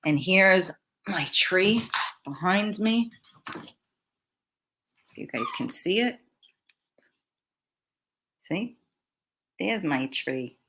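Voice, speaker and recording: A woman's voice: on the low side, lively intonation, drawn-out words, pauses often, bright, forceful tone, a little hiss or hum. A woman hosting a casual livestream from home on her laptop mic, chatting bluntly with viewers and swearing freely. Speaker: livestream host. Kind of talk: casual live-stream chat reading comments.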